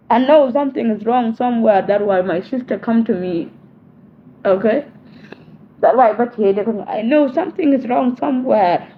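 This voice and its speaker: Lady begging slow n repetitive, kinda high voice, sounds like a phone call, bit of hiss. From South Sudan. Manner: pleading, repeats herself insistently. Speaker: message sender. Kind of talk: personal spoken message. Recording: tinny phone-line audio, faint hiss.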